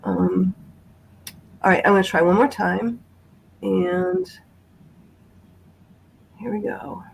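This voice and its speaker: A woman speaking as a guest on a video call, sharing a personal account in a halting way with many pauses and restarts. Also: medium pitch, big pitch swings, gravelly, slight background noise, rough recording. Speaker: guest sharing a family memory.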